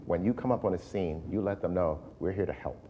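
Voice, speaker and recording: Over a noisy crowd, in a muffled recording, a deep-voiced man talks fast as a talk-show guest. His casual chat is storytelling, and he turns animated when performing what others said.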